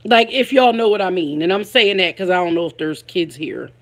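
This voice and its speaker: A woman's voice: fairly low pitch, lively intonation, brisk. A woman with a Philadelphia accent hosting a casual live stream, chatting with viewers, greeting them by name and laughing often. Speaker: livestream host.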